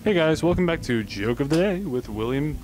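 A man's voice: on the high side, expressive, brisk. A teenage boy presenting a school joke segment, telling a long rambling joke and checking in with "okay?".

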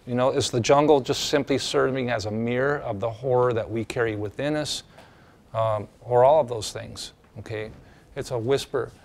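A man's voice: medium pitch, moderate pace. A male teacher giving a casual classroom lecture, talking in a loose, conversational way with many fillers and restarts.

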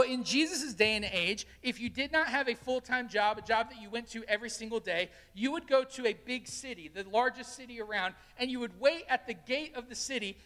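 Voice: mid-range voice, fairly bright tone, big-room sound. A pastor preaching a sermon, telling stories and animatedly acting out the quotes. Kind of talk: sermon with storytelling. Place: church sanctuary.

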